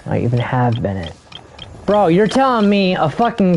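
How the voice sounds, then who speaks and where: A man's voice: high voice, wildly swooping pitch, normal speed, dull audio, slight background noise. A man streaming a game, ranting angrily with heavy profanity at other players. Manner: angry, heavily profane, ranting. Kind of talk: ranting gameplay commentary.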